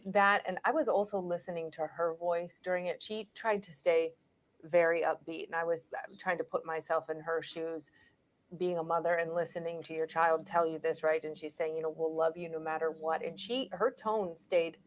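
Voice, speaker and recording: A woman on a discussion show, recapping and commenting in a calm, measured, even way. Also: fairly low pitch, slight background noise. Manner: calm, even, reads quotes plainly.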